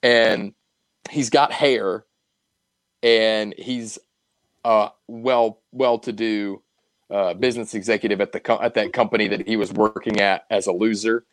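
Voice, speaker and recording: A man's voice: fairly low pitch, steady tone, unhurried, no echo. A young man co-hosting a podcast, chatting casually with lots of fillers and cursing. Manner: rambling, swears casually, many fillers. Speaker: podcast co-host. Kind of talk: casual chat.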